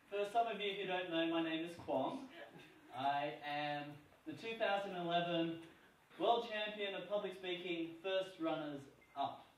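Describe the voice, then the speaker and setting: A man's voice: sits high, unhurried, slight background noise. A man giving a humorous keynote speech at a conference, telling playful stories that draw laughs. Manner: playful, storytelling, gets laughs. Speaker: keynote speaker. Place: large conference hall. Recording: echoey hall from a distant mic.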